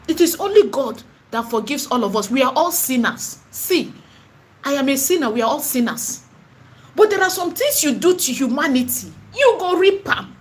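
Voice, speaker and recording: In her vlog, an online seller and spiritual vlogger with a Nigerian accent preaches an impassioned monologue at a moderate pace. Her voice sits high with lively intonation, and she is emphatic and repetitive, dropping in Pidgin and Igbo phrases.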